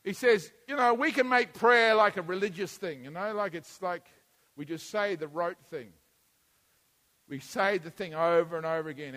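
High-voiced male preacher in a reverberant hall. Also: normal speed. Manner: conversational, swings between quiet and emphatic. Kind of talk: sermon. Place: church hall.

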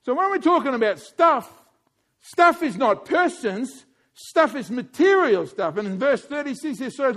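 A man preaching a sermon in a church, animated and playful, often putting questions to the congregation. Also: very high voice, normal speed.

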